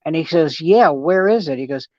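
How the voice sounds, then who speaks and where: A man's voice: a little high, lively intonation, normal speed, a little mellow, no room sound. A man, a guest comedian, telling jokes and stories in a wisecracking way on a casual podcast. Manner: wisecracking storyteller. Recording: dry, dull lo-fi sound.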